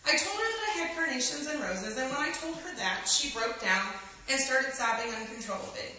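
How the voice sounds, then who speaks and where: A woman reads an inspirational story aloud, earnest and gentle, her voice bright and a little high. She sits back from the microphone in a very echoey room, with a faint hiss of room noise behind her. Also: expressive, a little fast, distant mic.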